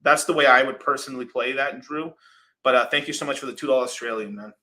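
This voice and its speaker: A man's voice: medium pitch, fast talker, sharp tone. A young man hosting a casual crypto livestream, rambling loosely, swearing freely and reading out viewer super chats.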